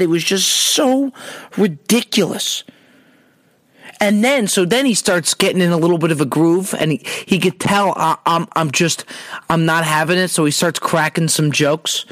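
A man's voice: high-pitched, normal speed, fairly bright tone, no echo. A man hosting a podcast, telling a comic story in an exasperated, casual way and stumbling over repeated words. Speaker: podcast host.

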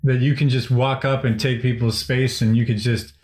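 A man's voice: medium pitch, flat delivery, normal speed, a little mellow. Blunt, profane man in an echoey room. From Chicago. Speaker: parent and co-host. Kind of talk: casual podcast chat.

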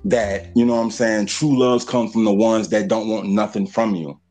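A man's voice: fairly low pitch, fairly even intonation, moderate pace, warm tone, faint music behind. Profane, preachy podcast host man. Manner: profane, preachy, addresses listeners directly. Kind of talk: casual podcast chat.

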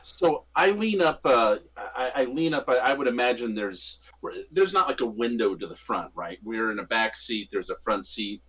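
A man describes his moves in a tabletop game, halting and thinking aloud. His voice is a bit husky, and his pitch swings in an animated way. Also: rough recording. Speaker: player.

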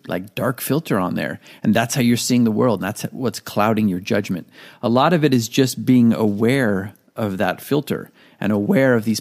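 Casual low-voiced male podcast host. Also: a little mellow. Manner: casual, conversational, drops into quoted self-talk; occasional swearing. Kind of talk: solo podcast monologue.

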